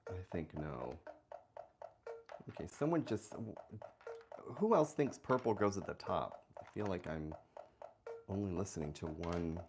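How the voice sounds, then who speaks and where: Woman, playful livestream host, unusually deep voice, unhurried delivery, keyboard clicking in the background. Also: noisy background. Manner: playful, self-mocking, reads chat aloud. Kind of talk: casual livestream commentary.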